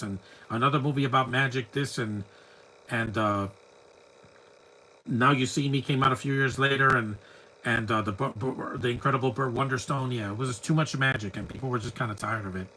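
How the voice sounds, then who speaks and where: A man's voice: mid-range voice, bright, forceful tone, slight background noise, low-quality recording. A man giving a live movie commentary, chatty and opinionated, full of rambling asides. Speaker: film commentator.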